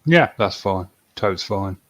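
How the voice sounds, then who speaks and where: A man's voice: deep voice, lively intonation, takes it slowly, no room sound. A man co-hosting a casual podcast, blunt and teasing. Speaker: podcast co-host.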